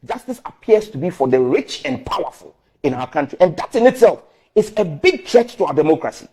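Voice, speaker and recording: A man's voice: fairly high pitch, a little fast, slightly rough. A man from Ghana, a member of parliament, arguing his point insistently in a heated political debate. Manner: emphatic, insistent, animated.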